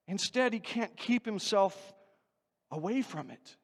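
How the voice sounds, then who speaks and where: A man preaching a sermon as pastor, animated, swinging between loud emphasis and hushed asides. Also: sits high, measured pace. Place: church sanctuary. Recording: church hall reverb.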